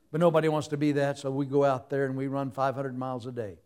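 A man's voice: medium pitch, steady tone, fast talker, hardly any pauses, a little mellow, clear, resonant tone. A man preaching a humorous sermon, telling stories with sound effects and laughing at his own jokes.

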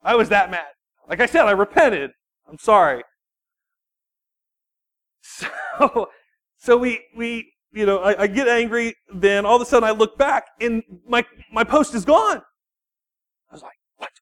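A man, a youth pastor, giving an animated sermon full of personal storytelling and quick restarts. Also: sits high. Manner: animated, self-deprecating storytelling with frequent restarts.

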